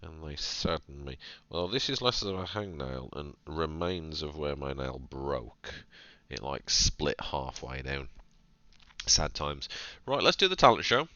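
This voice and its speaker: Male let's-player with a deep, bright voice, animated and jokey while reading game text, on a dry, dull lo-fi mic. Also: slow, dry recording. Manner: playful, chatty, jokey running commentary. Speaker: gaming channel host. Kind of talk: narrated let's-play, reading game text aloud with asides.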